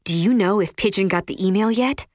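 A woman reading aloud as a bold, scheming teenage girl who talks loudly and theatrically. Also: medium pitch, a little fast, no room sound, studio quality, lightly acted. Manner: loud, theatrical.

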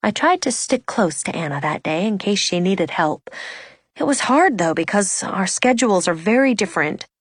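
A woman narrating a first-person story aloud with expressive, emotional delivery. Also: mid-range voice, normal speed, slightly rough, dry recording, studio quality. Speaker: audiobook narrator.

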